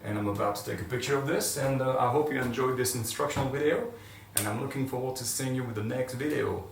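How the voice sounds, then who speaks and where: A man's voice: medium pitch, fast talker, vocal fry. A man teaching a Spanish lesson, cheerful and encouraging, drilling verb forms and praising unseen students. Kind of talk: classroom lesson to camera. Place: classroom with whiteboard. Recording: echoey room, mic far off, faint room noise.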